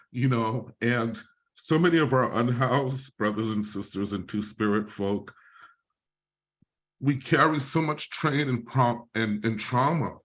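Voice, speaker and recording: Emotional man sharing his story. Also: medium pitch. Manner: emotional, tearful at moments, apologetic. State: close to tears. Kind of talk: presentation with personal testimony.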